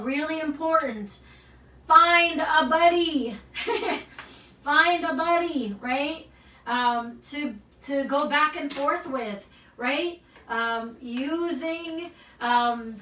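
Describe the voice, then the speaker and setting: A woman's voice: sits high, bright, forceful tone, a little hiss or hum. A woman gym owner giving an earnest, emotional pep talk to her members, often tagging lines with "right?". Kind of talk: motivational address to members. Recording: roomy sound from a distance.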